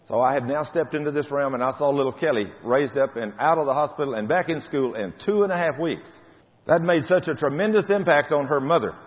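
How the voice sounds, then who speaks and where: An older man giving a fervent testimony sermon, repeating key phrases with emphasis. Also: on the high side. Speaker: preacher. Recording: muffled hall recording.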